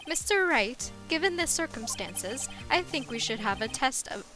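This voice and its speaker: A woman's voice: sits high, animated, moderate pace, music in the background, pitched above the performer's own voice. Woman voicing a stern male judge, formal and questioning; game soundtrack behind.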